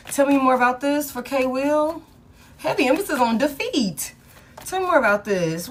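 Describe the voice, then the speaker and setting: A woman's voice: a little high, sing-song, a little slow, slight background noise. A woman giving a live tarot reading, talking casually and profanely to her viewers. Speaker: tarot reader.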